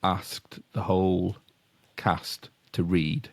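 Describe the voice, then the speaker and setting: A man's voice: low-pitched, level tone, very slow, no room sound. A middle-aged man with a Yorkshire accent, co-hosting a casual podcast chat and explaining ideas in a rambling, self-interrupting way with chuckles. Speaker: podcast co-host.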